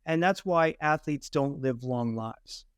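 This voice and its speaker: A man's voice: medium pitch, slow pace, smooth, dry recording, studio quality. A man guesting on a podcast who explains breathing technique in firm, declarative statements. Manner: assertive, declarative teaching. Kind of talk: explanatory interview answers.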